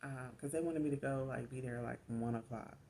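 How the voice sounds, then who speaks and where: A woman, a mother of four, casually telling her own story in an animated way, getting louder as she relives the pain. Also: very deep voice, brisk, vocal fry, a little hiss or hum. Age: adult mother of four. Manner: animated retelling, rising loud when reliving pain.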